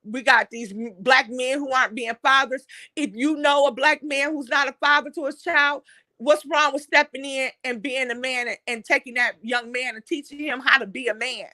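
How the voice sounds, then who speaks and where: A woman's voice: high voice, steady tone, moderate pace, pushed and bright, no room sound. A woman hosts an impassioned monologue. She talks bluntly and heatedly and swears often. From Detroit, USA. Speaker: online talk show host.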